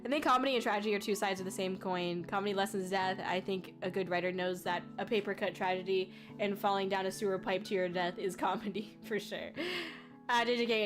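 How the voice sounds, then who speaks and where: A young woman streamer telling a story in casual chat, rambling with many fillers and restarts, laughing often and getting loud when excited. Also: medium pitch, fairly quick. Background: faint background music.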